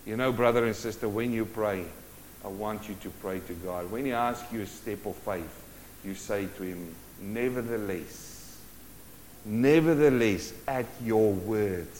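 A man preaching a sermon, swinging from loud urgent bursts to hushed, intimate lines. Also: lowish voice, fairly even intonation, moderate pace, a little hiss or hum. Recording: long hall reverb.

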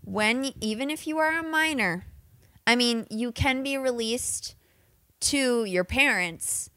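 A woman's voice: fairly high pitch, slow pace, pushed and bright, dry recording, clean studio sound. A woman co-hosting a casual movie chat with wry, teasing remarks. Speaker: podcast co-host.

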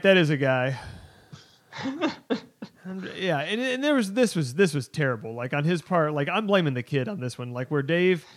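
A man co-hosting a casual podcast chat, telling funny stories with animated, boastful flair. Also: on the high side. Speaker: podcast co-host.

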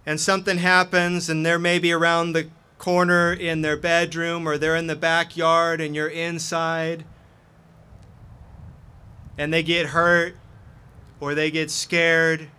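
A man's voice: a little high, little pitch movement, slow, long pauses, bright, forceful tone, clean tone. A man preaching a sermon as pastor, earnest and impassioned.

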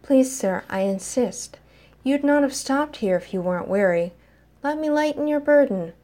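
A woman's voice: medium pitch, moderate pace, a little mellow, lightly acted. A woman doing a silky sing-song young bellboy. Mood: coaxing. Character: tall thin young bellboy, impish but gentle.

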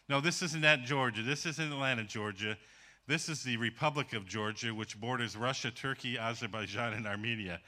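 A man missionary speaking to a congregation in a folksy, casual way. His voice is very bright and forceful, with a mid pitch. He talks plainly and warmly addresses the listeners. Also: normal speed. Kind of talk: sermon.

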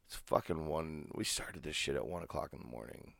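A man's voice: extremely low pitch, a little fast, gravelly, a bit bright, no room sound. A man co-hosting a late-night fight podcast from home, talking bluntly and casually and swearing freely. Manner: blunt, profane, laid-back. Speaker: podcast co-host. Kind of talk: casual chat. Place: home, fan running.

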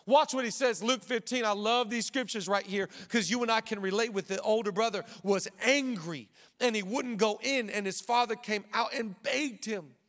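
A pastor preaching a sermon, animated and acting out quotes in character voices, in a large church hall. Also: male voice, sits high, normal speed, few pauses. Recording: long hall reverb.

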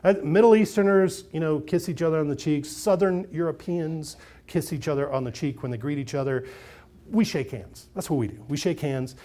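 Conversational male preacher, slightly high voice. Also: a little fast. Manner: conversational preaching, swings from loud emphasis to quiet asides; repeats and restarts phrases, light chuckles. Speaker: pastor. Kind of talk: sermon.

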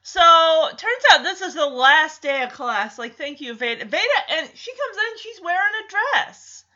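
A woman chats her way through a movie recap, easily moved by the story. Her voice is high and swings widely in pitch. The audio sounds dull and lo-fi. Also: sing-song, moderate pace, sharp tone. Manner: emotional, chatty storytelling.

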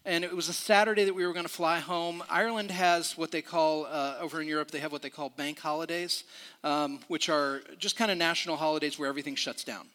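A man's voice: on the high side, fairly even intonation, quick pace, sharp tone, long reverb tail. A middle-aged man preaching a sermon in a church, talking conversationally with restarts and questions to the room. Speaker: pastor. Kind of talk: sermon with a personal story.

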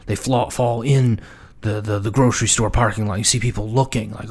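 Husky-voiced man stammering through a comic review. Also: on the low side, fairly even intonation, a little fast, a little mellow. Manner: stammering repetitions, drops into whispered asides. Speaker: book reviewer. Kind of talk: comedic book commentary.

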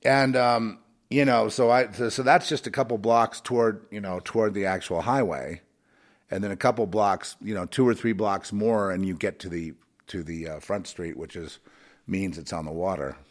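A very low-voiced man rambles through an emotional monologue, restarting his sentences and padding them with fillers. He swings from raised, fired-up lines to low mutters. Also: moderate pace.

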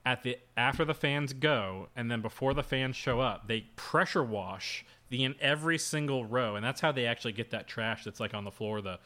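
A man's voice: medium pitch, moderate pace, few pauses, sharp tone. A young man co-hosting a podcast, telling a story in a loose, rambling way with lots of fillers and asides. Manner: rambling, filler-heavy storytelling with frequent laughs. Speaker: podcast co-host. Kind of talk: casual chat.

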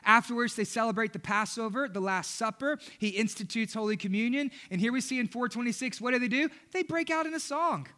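Male pastor, high and bright, emphatic sermon preaching. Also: brisk, few pauses. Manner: energetic, repetitive emphatic preaching, acting out the disciples.

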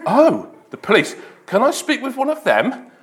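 A man's voice: extremely high pitch, huge pitch swings, normal speed, pitched above the performer's own voice, exaggerated voice. A man voicing a salesman on the phone who keeps asking questions. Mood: questioning. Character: chatty adult male phone salesman.

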